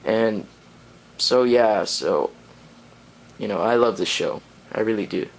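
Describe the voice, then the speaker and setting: A man's voice: lowish voice, slow pace, gravelly, rough recording. A man giving a casual video review, rambling and enthusiastic, with lots of fillers and restarts. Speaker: anime reviewer.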